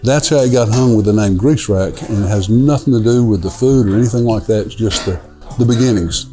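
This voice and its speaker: A middle-aged man, a restaurant owner telling stories in a relaxed, rambling way with lots of fillers, inside a dim restaurant. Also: lowish voice, a little fast, soft background music. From Newport, Tennessee. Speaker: restaurant owner, son of the founder. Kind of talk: casual storytelling interview.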